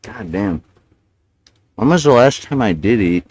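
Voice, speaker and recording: A man's voice: fairly low pitch, expressive, a little slow, a little mellow, breathy edge, low-quality recording. A man ranting casually on his live stream, cursing and sometimes mumbling with food in his mouth. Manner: ranting, profane, self-justifying; mumbling with mouth full while eating. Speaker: livestreamer. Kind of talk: casual rambling stream talk.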